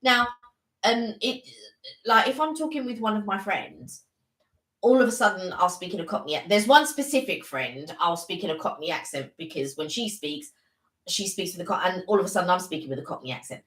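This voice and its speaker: A woman's voice: mid-range voice, animated, a little fast, fairly bright tone, echoey room, poor audio. A woman co-hosting a live stream, chatting casually and telling stories. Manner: chatty storyteller, many fillers and restarts.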